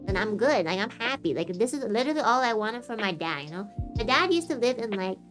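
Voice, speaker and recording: A woman's voice: fairly high pitch, very animated, fast talker. Chatty young woman streamer, faint music. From Canada. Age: 20s. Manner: frank and chatty, heavy on fillers and swearing. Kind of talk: casual chat.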